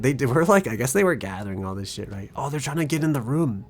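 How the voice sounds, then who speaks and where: A man's voice: mid-range voice, animated, fast talker, few pauses, a little hiss or hum. A young man streaming a game, giving casual, profane, rambling and joking commentary. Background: faint background music.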